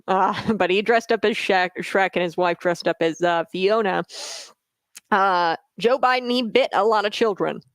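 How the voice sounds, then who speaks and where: A man's voice: high-pitched, moderate pace, a bit bright, clean tone, no room sound. Sarcastic man hosting a dry commentary vlog. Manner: sarcastic, mocking, full of filler words. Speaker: political commentary host. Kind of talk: casual political commentary vlog.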